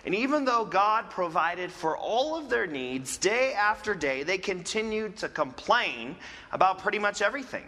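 A man preaching a sermon with an expressive delivery and dramatic drops in pitch. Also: normal speed, in a large hall. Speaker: pastor.

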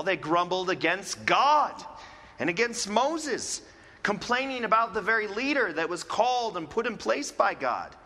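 Male pastor, high bright voice, slow, expressive sermon delivery, echoing hall. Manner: expressive, wide-ranging delivery with dramatic drops in pitch.

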